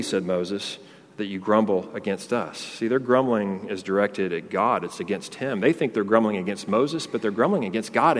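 A man preaching a sermon in a conversational way, often repeating and restarting his words. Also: fairly low pitch. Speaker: pastor. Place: church sanctuary. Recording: long reverb of a large hall.

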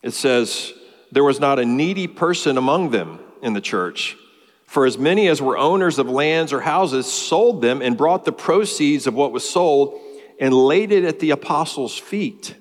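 A man's voice: mid-range voice, lively intonation, a little slow. Man preaching in a reverberant hall. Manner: expository preaching, rising emphatic lists. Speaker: pastor. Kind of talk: sermon.

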